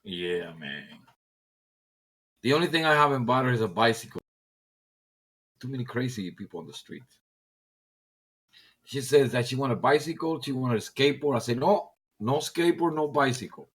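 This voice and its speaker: A middle-aged man chatting casually on a voice call, telling lively stories and acting out old-timers in a high voice. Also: moderate pace, pauses often, breathy edge. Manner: animated storyteller who acts out old-timers in a high voice. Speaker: discord caller. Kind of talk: casual chat. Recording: voice chat over discord.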